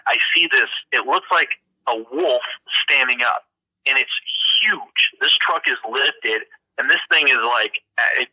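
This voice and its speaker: A man earnestly telling of a strange encounter in casual first-person storytelling, halting and repeating words as he goes. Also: mid-range voice, pushed and bright, dry recording, low-quality recording. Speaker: witness recounting an encounter.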